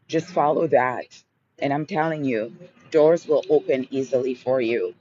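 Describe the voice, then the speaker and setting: Slow, soothing man on a lo-fi livestream. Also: mid-range voice, mellow. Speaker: livestream host. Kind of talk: motivational live Q&A. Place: outdoors. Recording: dull lo-fi sound, street noise.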